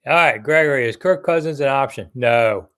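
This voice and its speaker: A man's voice: medium pitch, moderate pace, a bit bright, smooth. An older man hosting a casual live sports chat, blunt and chatty as he reads viewer comments and answers them.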